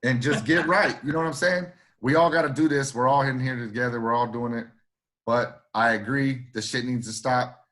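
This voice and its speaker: A man's voice: mid-range voice, fairly even intonation, normal speed, fairly bright tone. Emphatic, profane male podcast host. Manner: emphatic, profane, repeats himself. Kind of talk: casual podcast chat.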